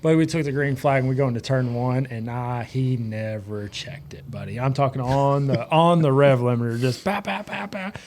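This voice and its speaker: A man, a podcast guest telling racing stories in lively casual chat with frequent laughs. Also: medium pitch, normal speed, hardly any pauses, slight background noise. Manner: animated storyteller, laughs often, repeats words. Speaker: podcast guest, race director.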